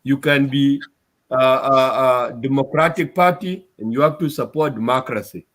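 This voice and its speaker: A man's voice: mid-range voice, moderate pace, a bit bright. A man from Sudan, giving an upset, emphatic address to his community and repeating his points. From South Sudan. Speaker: community speaker.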